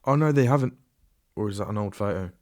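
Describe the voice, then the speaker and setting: A man's voice: fairly low pitch, quick pace, darkish tone, dry recording, clean studio sound. A man hosting a solo podcast in a casual, rambling way, often restarting and trailing off into asides. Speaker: podcast host.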